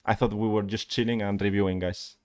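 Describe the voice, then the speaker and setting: A man's voice: lowish voice, a little fast. Exasperated male coach. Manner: exasperated, animated critique. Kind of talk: live-streamed gameplay review.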